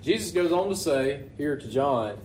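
A man preaches a sermon in an easy, conversational way and keeps checking in with the congregation through rhetorical questions. His voice sits a little high for a man. The recording has a roomy church echo and a faint hum of ambience. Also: expressive, moderate pace, a little mellow. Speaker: pastor.

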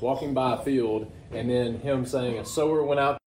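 A pastor preaching a conversational sermon, often asking the congregation rhetorical questions. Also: male voice, medium pitch, normal speed, a little mellow, roomy sound, rough recording.

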